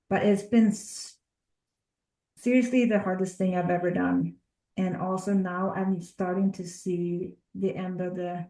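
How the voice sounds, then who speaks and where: Woman interview guest, a life coach, earnest and halting, roomy echoey sound. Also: medium pitch, dark tone. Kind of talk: interview chat.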